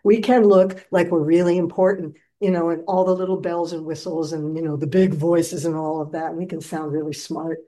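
A woman's voice: on the low side, steady tone, moderate pace, hardly any pauses, mellow, low-quality recording. A woman who teaches meditation, giving a dharma talk with playful storytelling in which she acts out scenes.

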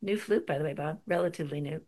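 Woman, middle-aged, slightly low voice, spiritual talk, wry self-deprecating storytelling. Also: quick pace, darkish tone.

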